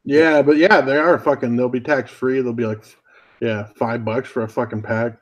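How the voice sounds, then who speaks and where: A man's voice: mid-range voice, fairly even intonation, normal speed, dull audio. A man chatting casually on a podcast, laid-back and teasing, with plenty of swearing. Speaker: podcast co-host. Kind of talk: casual crude chat.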